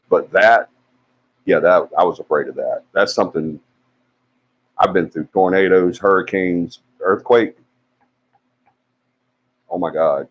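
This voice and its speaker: A man with a fairly low voice tells a story the way he would to friends. He rambles and uses plenty of fillers, and his voice jumps up when he acts out what people said. The audio sounds dull and lo-fi, like a home live stream. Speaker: paranormal investigation team member on a live stream.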